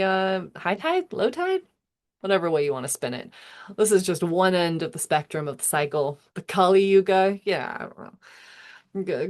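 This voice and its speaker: Woman astrologer in her thirties, slightly low voice, casual wandering monologue that interrupts itself and chuckles. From United States. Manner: meandering, self-interrupting, chuckling.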